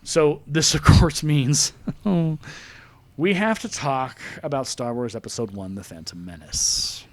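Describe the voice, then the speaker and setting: A man in his forties hosting a podcast, chatting casually in an animated, jokey, rambling way. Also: medium pitch, takes it slowly. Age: 40s. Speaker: podcast host. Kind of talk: casual chat.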